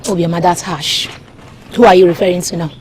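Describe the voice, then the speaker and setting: A woman's voice: lowish voice, fairly even intonation, fairly quick, very noisy, close to an everyday voice. A woman playing a concerned, probing young friend. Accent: Nigerian.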